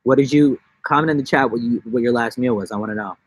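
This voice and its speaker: Out in his backyard, a fast-talking young New Yorker runs a casual live stream, joking around and rambling with sudden silly high-pitched voices. His voice has a breathy edge, and there's no echo.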